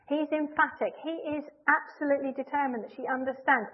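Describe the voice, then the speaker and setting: A woman preaching a sermon in an earnest, measured way, leaning hard on key phrases. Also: sits high, fairly even intonation. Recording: tinny phone-like line.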